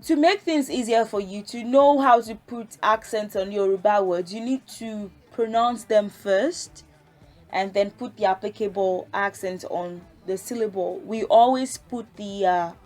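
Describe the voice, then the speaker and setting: A woman gives a casual spoken language lesson, explaining patiently step by step and sounding out syllables. Her voice is medium in pitch and a little mellow.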